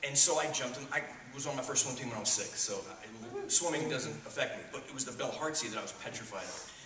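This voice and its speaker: A man from Texas, a guest actor at a convention Q&A, telling a story in a lively, profane way with frequent laughter. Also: mid-range voice, fast. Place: convention panel room. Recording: echoey hall, distant mic, noisy.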